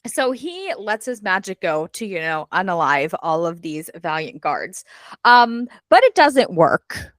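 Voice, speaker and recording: A woman's voice: on the low side, very animated, a little slow, fairly bright tone, no echo. A woman hosting a book club podcast, chatting casually with many fillers as she recaps a story and acts out character lines.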